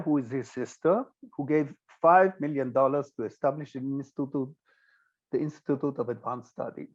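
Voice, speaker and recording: An older man with an Israeli accent giving a physics lecture, pausing often with fillers and restarts. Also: medium pitch, darkish tone, highs cut off. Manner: hesitant, many filler sounds and restarts. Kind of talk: recorded lecture with slides.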